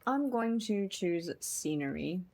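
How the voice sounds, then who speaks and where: Slow-talking woman streamer, chatty. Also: medium pitch, animated, vocal fry, a little mellow. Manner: chatty, giggly, addresses chat. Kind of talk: casual game commentary. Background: game music.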